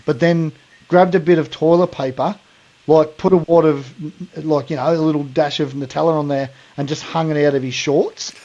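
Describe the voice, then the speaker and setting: A man's voice: fairly high pitch, steady tone, normal speed, warm tone, highs cut off. An Australian man co-hosting a podcast, telling a rambling funny story in casual mate slang and laughing along. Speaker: podcast co-host.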